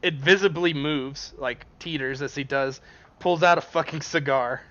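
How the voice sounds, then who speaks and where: A man's voice: a little high, normal speed, sharp tone. A man narrating as game master of a tabletop game, casual and profane, often laughing. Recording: dull lo-fi stream audio.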